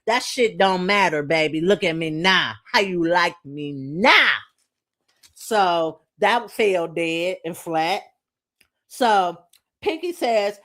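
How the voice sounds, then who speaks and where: A woman recaps a reality show episode in a loose, chatty way. She is sassy and opinionated, throws in pointed asides, and acts out the cast's lines with attitude. Her voice sits at a middle pitch. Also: animated, slow pace.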